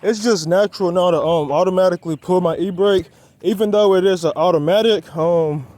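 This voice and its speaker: Brisk and high-pitched, with a darkish tone, the young car vlogger talks loosely and rambles to his viewers, calling them y'all. He's slightly winded from working on his car outdoors on a quiet roadside.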